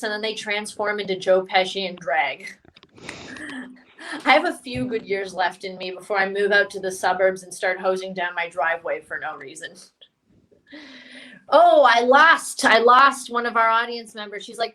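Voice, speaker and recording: A young Canadian woman performs a stand-up set for an online stream, delivering it deadpan and self-mocking. Her pitch is medium, and the low-quality recording carries a little hiss or hum.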